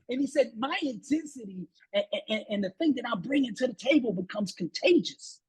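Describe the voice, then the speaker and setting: A man's voice: high-pitched, brisk, few pauses, husky, poor audio. A man speaking as a motivational guest, telling a sales story with rising energy, repeating words and preaching about persistence. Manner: animated, preachy, repeats words when fired up.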